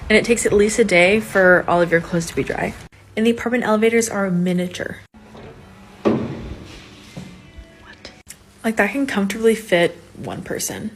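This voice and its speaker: A woman's voice: mid-range voice, slight background noise. A woman studying abroad, chatting in a bubbly, conversational way in a casual vlog. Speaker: student abroad.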